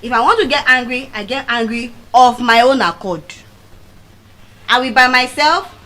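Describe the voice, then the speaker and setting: Animated Nigerian woman giving a speech. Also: on the high side, moderate pace, poor audio. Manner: animated storytelling, repeats key phrases for emphasis. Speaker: motivational speaker. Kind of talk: public speech.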